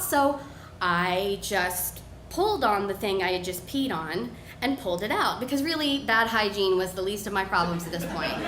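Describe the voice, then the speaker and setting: A woman's voice: high voice, fairly bright tone. A woman in her thirties telling a personal story live on stage, acting out her own self-mocking inner voice. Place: bar with live audience. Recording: echoey room, faint ambience.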